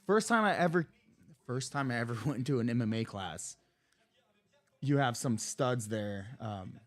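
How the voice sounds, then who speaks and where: A man in his thirties tells a story on a podcast in loose, casual chat. He rambles, swears freely and restarts his sentences often, his pitch sitting in an ordinary middle range. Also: lively intonation, measured pace. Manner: rambling, profane, many restarts and fillers. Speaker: podcast guest.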